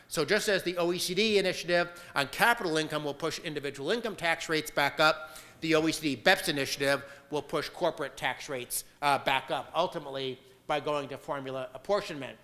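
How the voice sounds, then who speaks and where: A man's voice: fairly high pitch, brisk, sharp tone, big-room sound. An American man giving a conference talk, emphatic and argumentative, with frequent filler sounds. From United States. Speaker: conference speaker.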